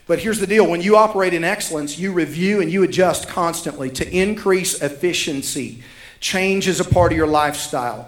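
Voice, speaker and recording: High-voiced pastor preaching. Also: male voice, reverberant. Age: 30s. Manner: emphatic, repeats key lines for effect. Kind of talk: sermon.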